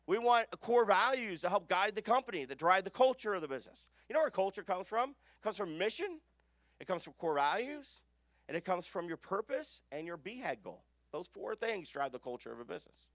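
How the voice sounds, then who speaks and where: A man's voice: sits high, sing-song, a little fast, a bit bright, no room sound. A man giving an emphatic business coaching talk to a live audience, often putting questions to the room.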